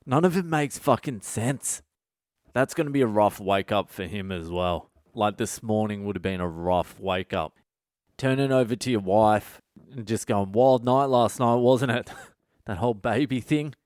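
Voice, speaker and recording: With a lowish, darkish voice at normal speed, a comedian narrates a story on his casual solo podcast from home at night. He is blunt and profane with sarcastic side comments, and the audio is clean studio sound without echo.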